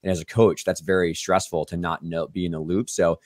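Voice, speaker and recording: A man's voice: deep voice, flat delivery, darkish tone, no echo, studio quality. A man hosting a podcast interview, explaining in a casual way with lots of "like". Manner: quick, explanatory, hedging with "like". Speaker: podcast host.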